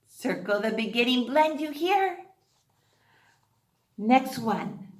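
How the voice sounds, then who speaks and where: Female phonics teacher for little kids, high voice, slow drawn-out words, echoey room. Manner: slow, drawn-out word modeling with lively cheering. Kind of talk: online phonics lesson for young children.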